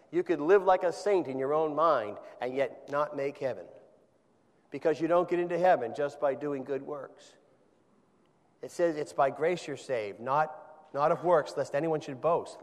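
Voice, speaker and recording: A man preaching a sermon, emphatic, often rising to forceful peaks, with quiet stretches in between. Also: fairly high pitch, big-room sound. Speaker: pastor.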